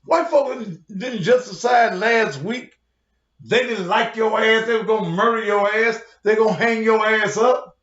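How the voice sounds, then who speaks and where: His voice sits high with a fairly bright tone, and he takes his time: a pastor going on a cursing, confrontational livestream rant aimed at his online viewers. The sound is roomy, dull, and lo-fi.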